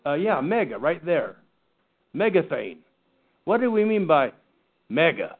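A man teaching a Bible study class in an earnest, halting way, often restarting his sentences. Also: fairly high pitch, sing-song. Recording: tinny phone-like recording.

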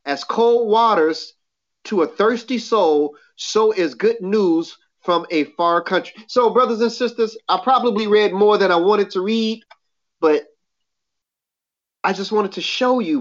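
Woman preacher, Bible show host, slow scripture reading, plain explanations, muffled lo-fi sound. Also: medium pitch. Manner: reads scripture slowly, then explains in plain talk. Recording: dull lo-fi recording.

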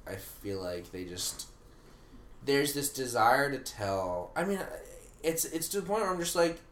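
A man in casual podcast chat, talking in an animated, rambling way with frequent restarts. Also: medium pitch, unhurried. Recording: roomy, faint ambience.

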